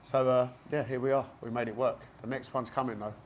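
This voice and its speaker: Fast-talking Cockney man. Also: mid-range voice, steady tone, a little hiss or hum. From East London, England. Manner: chatty, rambling storyteller with frequent fillers. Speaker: gym owner and jiu-jitsu black belt guest. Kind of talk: casual podcast interview. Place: basement martial arts gym.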